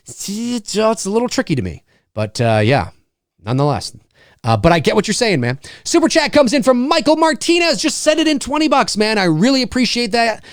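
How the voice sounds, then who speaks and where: A man chats on a live stream with a very animated, swooping delivery. He rambles, swears freely and laughs a lot, and the sound is close and dry with no room around it. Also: high-pitched, no room sound. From Canada. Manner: rambling, profane, laughs often, acts out scenes with shouted voices. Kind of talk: casual live stream chat.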